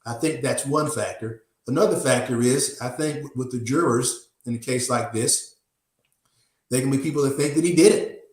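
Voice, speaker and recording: Echoey-voiced defense attorney guest. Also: male voice, medium pitch. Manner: measured, repeats words while thinking. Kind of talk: conversational legal analysis.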